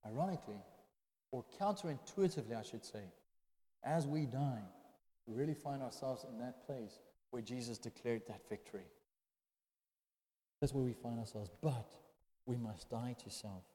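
A man's voice: mid-range voice, lively intonation, normal speed, long pauses, dark tone. A man preaching a sermon, asking rhetorical questions and building to emphatic declarations. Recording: echoey hall.

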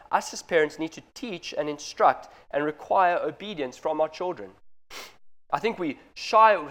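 A man in his thirties delivers a sermon to his congregation, speaking earnestly and directly. His voice is pitched slightly higher than the typical male voice, and he drives every point home as he speaks to the parents.

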